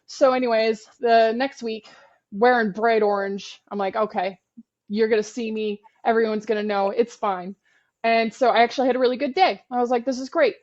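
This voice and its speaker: A woman co-hosting a podcast, telling her fieldwork stories casually, animated and frank, with free swearing. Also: fairly high pitch, moderate pace, dull audio. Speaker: podcast co-host, turtle biologist. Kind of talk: casual storytelling.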